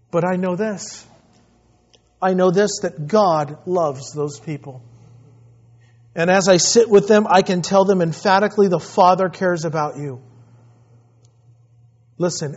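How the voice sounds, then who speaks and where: A man preaching a sermon from the pulpit with passion, moving between hushed pleading and loud declaration. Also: a little high. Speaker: pastor. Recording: slightly dull, muffled sound.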